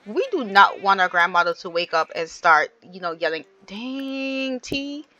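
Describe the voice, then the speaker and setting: This gaming channel host has a lowish voice that comes out brisk, pushed and bright, recorded with no echo but dull audio. She keeps her gameplay commentary chatty and casual, talking right to her viewers.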